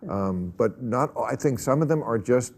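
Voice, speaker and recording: A male talk show host chatting casually with a guest, wry and quick with a quip. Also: mid-range voice, lively intonation, darkish tone. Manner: wry, quipping, chuckles often.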